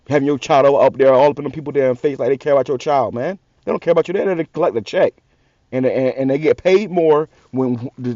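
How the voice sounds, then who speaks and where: A man's voice: medium pitch, warm tone, no room sound. Heated profane man preaching, lo-fi. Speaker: religious channel host. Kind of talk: ranting street sermon.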